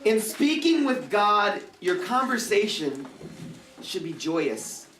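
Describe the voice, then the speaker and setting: A man's voice: sits high, very animated, slow pace, fairly bright tone, a little hiss or hum. A man preaching a casual, joking youth sermon as a youth pastor, acting out prayers in funny voices. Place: church youth service room. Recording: echoey church hall, mic at a distance.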